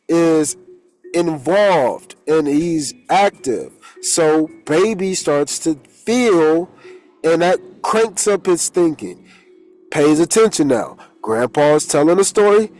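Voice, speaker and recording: A man's voice: a little high, darkish tone. A man, a holistic coach, giving a loose, rambling motivational spiritual talk full of homespun stories and blunt everyday slang. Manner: loose, rambling, streetwise preaching with folksy stories.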